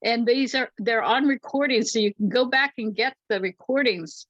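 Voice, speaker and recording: A woman's voice: on the high side, moderate pace, no echo. An older woman hosting an online vigil, talking in an effusive, heartfelt way on a video call. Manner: effusive, gushing, laughs often. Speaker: host and producer of an online vigil. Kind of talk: heartfelt casual chat. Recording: dry, dull lo-fi call audio.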